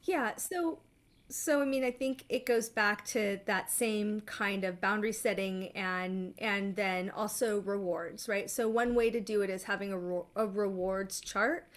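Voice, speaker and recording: A middle-aged woman therapist explaining steps in a measured way, often checking in with "right?". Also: medium pitch. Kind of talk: therapy session talk.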